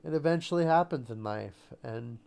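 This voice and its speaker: A man co-hosting a live-streamed podcast, talking in a rambling, halting way and laughing often. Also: mid-range voice, lively intonation, gravelly, darkish tone. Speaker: podcast co-host. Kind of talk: casual live-stream chat.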